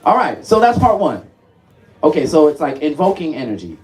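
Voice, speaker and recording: A man's voice: fairly high pitch, sing-song, moderate pace. A man leading a live music workshop, coaxing the group along and laughing often. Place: workshop room with live audience.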